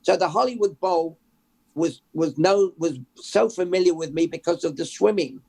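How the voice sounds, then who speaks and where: An older man from England, a journalist guest, telling stories in a lively, conversational way with many restarts. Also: a little high, normal speed, creaky. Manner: storytelling, animated, restarts with repeated words. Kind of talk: conversational interview.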